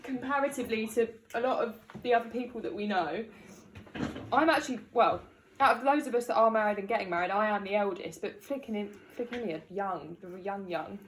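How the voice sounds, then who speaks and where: A woman's voice: mid-range voice, fairly quick, a little hiss or hum. A woman giving a family celebration speech, laughing often, emotional, and reading out rhyming verse. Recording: echoey room.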